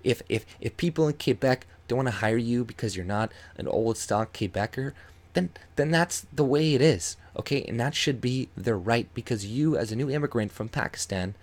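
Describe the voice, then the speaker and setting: A man's voice: mid-range voice, normal speed. A man ranting angrily and sarcastically with heavy swearing while reading out and reacting to a news article. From Canada. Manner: angry, profane, sarcastic ranting. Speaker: YouTube commentator.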